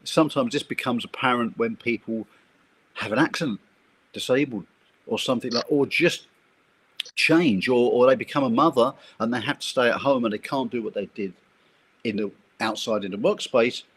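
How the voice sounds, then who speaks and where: A man in a casual talk, explaining his views in a thoughtful, measured way. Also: mid-range voice, a bit bright, husky. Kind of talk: casual chat.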